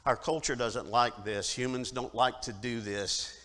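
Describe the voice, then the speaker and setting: A man's voice: mid-range voice, fairly even intonation, unhurried. Preaching man in a reverberant church. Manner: dramatic swings from loud declaring to quiet reflection. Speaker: minister. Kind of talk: sermon. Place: church sanctuary.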